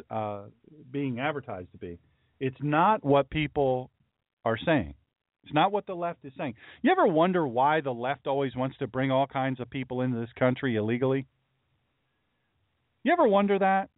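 A middle-aged man hosts his own livestream as a pastor, talking in a loose, chatty way full of folksy asides. His voice sits at an ordinary pitch. The sound is dry and narrow, like it is coming through a phone line. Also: no room sound. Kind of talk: casual livestream talk with chat.

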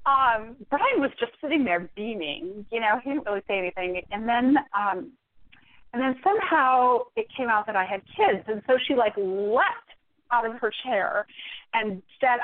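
A woman's voice: fairly high pitch, moderate pace, no room sound. Woman telling a story over a phone line. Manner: animated, wry, laughs while telling the story. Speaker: guest. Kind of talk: conversational storytelling. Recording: tinny phone line, dry.

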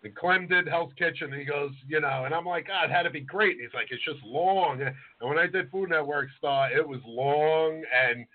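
A man chats through a casual podcast, rambling into stories and trailing off mid-sentence. His voice sits a little high. The sound is tinny and narrow, like a phone line. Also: fairly quick, hardly any pauses. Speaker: podcast co-host and chef.

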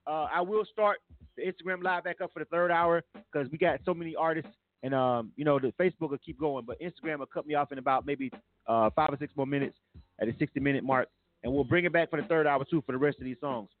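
A man with a high voice hosts a live music review show. He talks loosely and rambles between songs with plenty of fillers. The sound is thin and phone-like. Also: quick pace. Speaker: radio show host.

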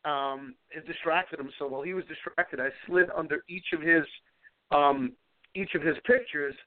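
A middle-aged man with a somewhat high voice, telling animated stories and tripping over repeated words. He comes through a thin, tinny phone line. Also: moderate pace. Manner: animated anecdote teller, repeats words as he talks. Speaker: guest wrestler. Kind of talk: casual storytelling on a phone call.

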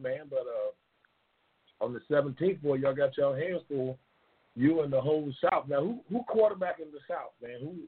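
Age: adult. Sex: male. Role: talk show host. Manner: slangy, rambling, repetitive. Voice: husky. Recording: phone-like. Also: mid-range voice. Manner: loose, slangy, rambling, repeats himself. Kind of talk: casual live-stream chat. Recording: tinny phone-like line.

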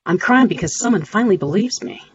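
A middle-aged woman speaks as a guest in an interview, recounting events earnestly and slipping into the voices of people she quotes. Her voice sits at a medium pitch. The recording is a little dull, with a faint hiss underneath. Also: expressive, fast talker. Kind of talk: podcast interview storytelling.

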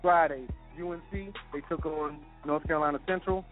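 A man runs through scores in a quick radio sports rundown. His voice sits a little high and comes in over a thin, phone-like line. Faint music plays underneath. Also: steady tone. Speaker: sports segment host.

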